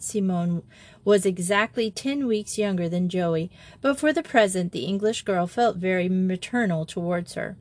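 A woman narrating a children's story in a measured reading voice. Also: on the low side, darkish tone. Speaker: audiobook narrator. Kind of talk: scripted narration.

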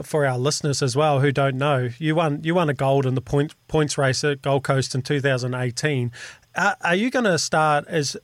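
Joking New radio co-host. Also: male voice, fairly high pitch, no echo. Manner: jokey, laughing, hesitant questions. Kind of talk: radio interview. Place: radio studio.

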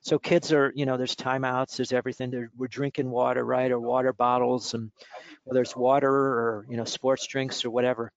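A man speaking as a mindfulness coach in an interview, explaining exercises in a relaxed, instructive way with many fillers. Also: medium pitch, brisk, creaky, dry recording. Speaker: mindfulness coach and author, guest. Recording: dull lo-fi audio.

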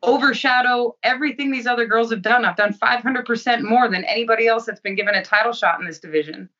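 Woman fighter, cocky and profane, bright voice, distant lo-fi audio. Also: on the high side, fast talker. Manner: blunt, profane, self-assured. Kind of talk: interview answers.

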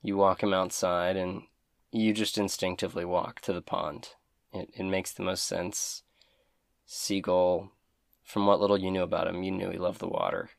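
A deep-voiced man narrates a tabletop role-playing game as its game master. His delivery is relaxed and descriptive, with a dry, close sound and no room echo. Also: moderate pace, creaky.

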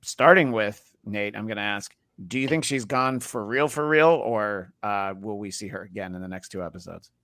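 A man's voice: lowish voice, moderate pace, hardly any pauses, a bit bright, no echo. A man hosting a casual panel chat, rambling with lots of fillers and restarts. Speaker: podcast host.

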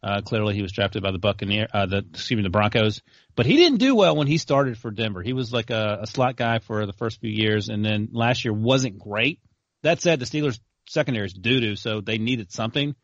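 A man's voice: fairly low pitch, dry recording. A man co-hosting a sports podcast, talking casually and correcting himself mid-sentence. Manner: quick asides, self-correcting. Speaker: podcast co-host. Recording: dry, dull lo-fi audio.

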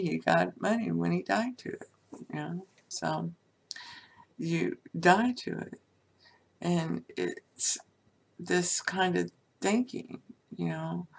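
A woman's voice: on the low side, creaky. A woman giving a casual spiritual teaching talk, chatty and full of "you know" and "okay?", sometimes dropping to a whisper for emphasis. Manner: conversational, frequent "you know" and "okay?" tags.

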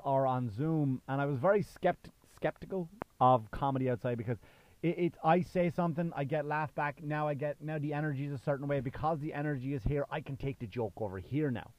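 A thirty-something comedian from Ireland, accent softened by years in the US, rambles casually on his own podcast with many fillers and restarts. The voice is a little high, and the recording is dry and dull.

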